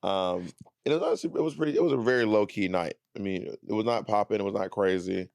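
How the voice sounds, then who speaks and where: A man in his thirties co-hosting a podcast, chatting casually with a playful, teasing manner and drawn-out emphasis. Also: on the low side, creaky, darkish tone, dry recording, clean studio sound. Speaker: podcast co-host. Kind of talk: casual chat.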